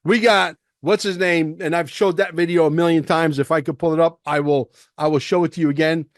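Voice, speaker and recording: A man's voice: a little high, steady tone, brisk, no echo, studio quality. A man hosting a podcast, ranting emphatically with rhetorical questions and profanity as he comments on a clip. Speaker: podcast host.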